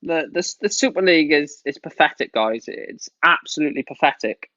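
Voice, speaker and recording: A man's voice: a little high, lively intonation, brisk, pushed and bright, no echo. A man live-streaming, ranting about football in an angry, exasperated way and swearing often. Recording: dull, lo-fi stream audio.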